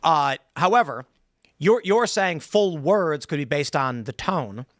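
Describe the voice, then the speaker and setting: A man's voice: fairly high pitch, animated, measured pace, fairly bright tone, no room sound, clean studio sound. A man hosting a casual panel chat, explaining ideas at length and musing aloud. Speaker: podcast host.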